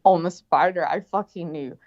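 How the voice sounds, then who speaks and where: A middle-aged woman telling a story in casual chat, animated and profane, acting out what people said. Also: fairly low pitch, normal speed. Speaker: guest. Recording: dull lo-fi sound.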